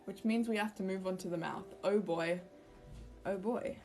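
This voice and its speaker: A woman's voice: mid-range voice, moderate pace, a little mellow, faint music behind. A young woman, livestreaming as she crafts a cosplay mask, chatting anxiously and rambling to her viewers. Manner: anxious, rambling, talks to chat while drawing. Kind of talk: casual livestream chat while crafting.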